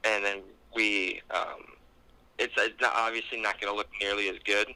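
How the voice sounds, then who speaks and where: Young man, just woke up, halting, lowish pitch with a bright edge. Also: level tone, clean tone, no echo, rough recording. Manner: halting, many fillers, groggy morning voice. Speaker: friend on a call. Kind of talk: casual chat.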